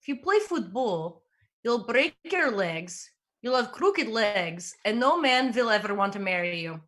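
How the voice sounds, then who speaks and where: A woman voicing her strict, worried Russian mother, who scolds in a stern, lower voice. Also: very animated, measured pace, a bit bright. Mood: scolding.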